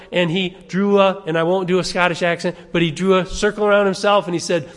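A man's voice: sits high, steady tone, fast talker, few pauses. An older man, a pastor preaching a sermon in a conversational way, asking the congregation questions. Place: church sanctuary. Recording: long reverb of a church hall.

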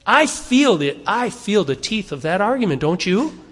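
A man's voice: high voice, very animated, normal speed, fairly bright tone. A man preaching a sermon as the pastor, talking earnestly and conversationally, asking the congregation rhetorical questions and repeating himself for emphasis. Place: church sanctuary. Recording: long reverb of a church hall.

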